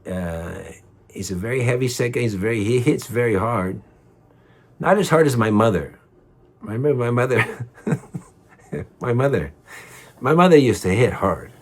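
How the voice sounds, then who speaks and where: A man's voice: mid-range voice, lively intonation, a little slow, long pauses. A man telling a personal story in a heated, rambling way, repeating himself and swearing.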